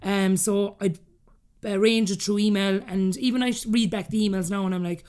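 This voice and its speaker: A woman in her thirties with an Irish accent, a podcast guest telling her story candidly and acting out the things people said to her. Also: medium pitch. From Ireland. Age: 30s. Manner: rapid, animated, acts out quoted dialogue.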